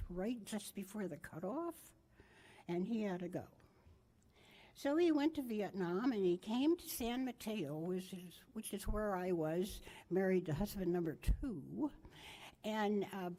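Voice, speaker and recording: A woman's voice: mid-range voice, dark tone. Older lady telling family stories at a memorial, voice rises and dips a lot, keeps fixing her own words. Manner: rambling and anecdotal, correcting herself as she goes. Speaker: family member giving a memorial tribute. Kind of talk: memorial storytelling speech.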